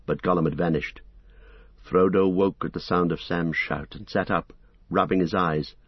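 Deep, husky male storyteller. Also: moderate pace, no room sound. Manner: expressive, dramatic storytelling. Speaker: audiobook narrator. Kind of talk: scripted narration. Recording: dull lo-fi dry recording.

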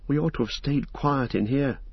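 A man voicing a cautious, earnest young male hobbit in an audiobook, raising his pitch above his own. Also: normal speed, slightly rough, no echo, muffled recording. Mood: anxious. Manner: wary, earnest, indignant. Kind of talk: audiobook character voice.

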